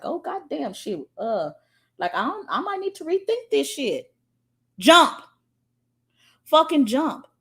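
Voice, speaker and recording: A woman's voice: fairly high pitch, slightly rough. A woman spiritual coach, giving a profane, dramatic motivational talk and reading out viewer comments. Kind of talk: live-stream motivational talk.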